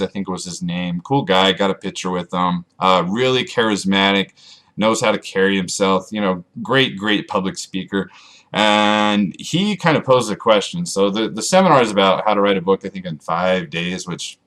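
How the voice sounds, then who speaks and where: A man vlogging to his camera, rambling and joking at himself in a monotone way. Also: low voice. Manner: self-mocking, rambling, jokey asides. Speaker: author vlogger. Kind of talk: rambling casual vlog to camera.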